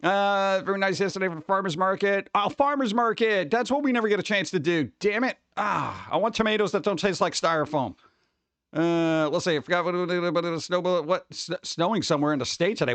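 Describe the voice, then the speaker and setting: A male streamer talks in a loose, rambling, joking way, reading chat messages as they come in. His voice sits fairly high for a man, and the sound is dry and close with little room to it. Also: fairly bright tone, dry recording. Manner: rambling, jokey, reads chat aloud. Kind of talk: casual live-stream chat.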